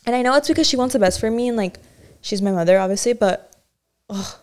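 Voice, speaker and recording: A woman's voice: fairly high pitch, quick pace, darkish tone. Candid young woman chatting on a podcast. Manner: candid, rambling, self-reflective with many restarts. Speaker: podcast co-host. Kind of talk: casual chat.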